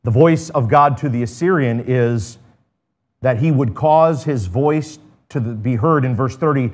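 A man's voice: mid-range voice, measured pace. Male pastor preaching with scripture readings. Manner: reads scripture with rising intensity, then drops to quiet, conversational asides.

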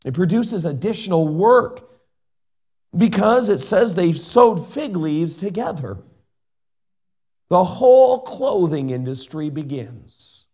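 A middle-aged male pastor delivers an earnest sermon and reads scripture aloud. His voice sits a little high for a man. He moves between loud, emphatic points and quieter asides. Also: big pitch swings, slow, breathy edge.

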